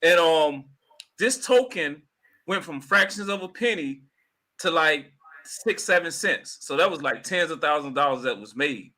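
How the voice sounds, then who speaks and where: A man hosting a casual podcast chat, telling stories in an excitable, animated way with loud exclamations. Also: fairly high pitch, moderate pace, rough recording. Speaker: podcast host.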